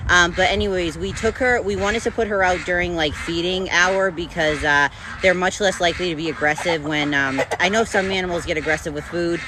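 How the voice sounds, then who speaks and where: Chatty woman filming outdoors. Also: low-pitched. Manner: chatty, many fillers, talks while doing chores. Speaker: farm vlogger. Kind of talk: casual chat to camera. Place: outdoors at a chicken coop. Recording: outdoor noise behind the voice.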